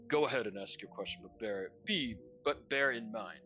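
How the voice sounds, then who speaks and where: A man's voice: fairly low pitch, expressive, normal speed, sharp tone, highs cut off, faint music behind. A man voicing a sinister, theatrical clown showman who calls himself a Duke of Hell, mocking and threatening. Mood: menacing.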